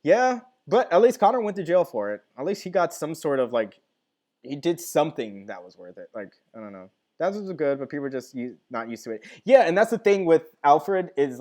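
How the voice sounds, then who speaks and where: A young man hosting a live stream, chatting casually and reading viewer comments aloud with lively enthusiasm. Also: a little high. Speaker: live-stream host reacting to a TV finale.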